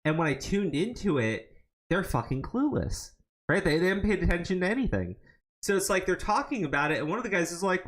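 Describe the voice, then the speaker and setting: Animated, cursing man on a livestream. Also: sits high, a little fast. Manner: animated, profane, stammering restarts. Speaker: podcast co-host. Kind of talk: casual livestream commentary.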